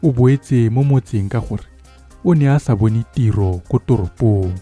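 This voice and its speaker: A man narrating a scripted story in a measured, even reading. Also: medium pitch, faint music behind.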